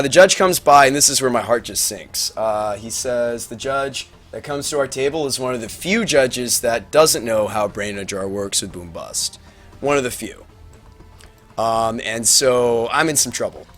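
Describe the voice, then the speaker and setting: A man telling a tournament story on a livestream, rambling and animated, acting out quotes with big swings in his voice. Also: mid-range voice, normal speed, soft background music. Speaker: Magic player recapping a tournament on a livestream. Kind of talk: casual storytelling to a stream audience. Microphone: webcam mic.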